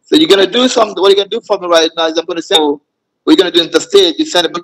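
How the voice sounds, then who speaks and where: A man's voice: high-pitched, very fast, fairly bright tone, rough recording. A man on a voice chat, pleading and sweet-talking in broken English, calling her baby over and over. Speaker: scammer. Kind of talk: romance-scam voice chat.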